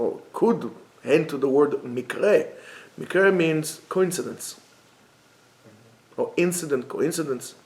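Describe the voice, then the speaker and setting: A man teaching a Torah class, speaking emphatically and repeating key phrases for stress. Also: on the high side. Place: classroom in a basement yeshiva. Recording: echoey room.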